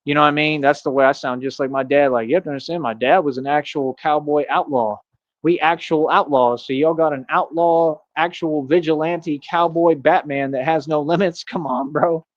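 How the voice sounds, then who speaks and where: A man's voice: on the high side, steady tone, normal speed, no echo, muffled recording. A man ranting on his livestream, boastful and mocking, rambling with plenty of fillers. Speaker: streamer. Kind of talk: livestream rant.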